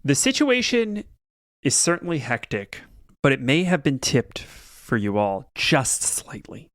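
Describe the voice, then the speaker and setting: A man running a tabletop game as game master, narrating the scene in a calm, measured way. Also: medium pitch, no echo, studio quality.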